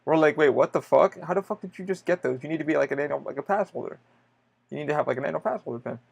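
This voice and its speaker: A man's voice: fairly high pitch, racing, vocal fry, breathy edge. A man hosting a podcast on his own, telling a long story in a casual, rambling way and swearing often. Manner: swears a lot, rambling and animated. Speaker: podcast host. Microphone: podcast microphone.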